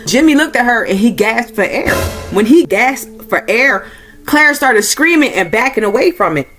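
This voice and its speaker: A woman's voice: expressive, moderate pace, a bit bright, faint music behind. Casual woman recapping a horror film. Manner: informal, uses y'all, acts out quoted lines with rising pitch. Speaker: movie reviewer. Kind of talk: casual plot recap and review.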